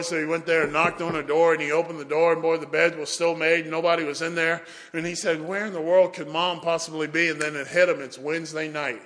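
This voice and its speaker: A man telling a story in a sermon, acting out the voices of the people in it. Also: on the high side. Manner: animated storyteller, acts out quotes. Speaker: preacher. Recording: echoey hall.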